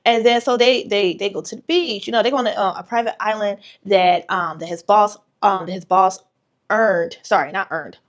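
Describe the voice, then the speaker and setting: A woman's voice: mid-range voice, moderate pace, muffled recording. A woman author giving a casual vlog tutorial, retelling a story animatedly with quoted voices.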